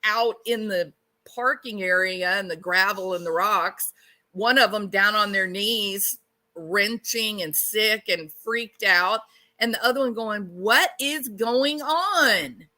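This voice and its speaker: A woman's voice: medium pitch, steady tone, measured pace, bright, forceful tone. A woman hosting a true-crime channel, speculating bluntly in a casual way and asking lots of rhetorical questions.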